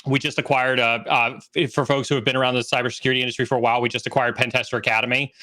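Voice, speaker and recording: A man's voice: mid-range voice, flat delivery, very fast, sharp tone. A man in his forties, a guest on a livestream interview, speaking earnestly and emphatically, repeating key phrases. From United States. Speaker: guest, cybersecurity trainer.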